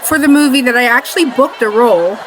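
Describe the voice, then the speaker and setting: A woman's voice: on the high side, fast, a crowd in the background, noisy background. A woman actress interviewing her coach, talking hesitantly with many ums, on a video call. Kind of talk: casual interview chat.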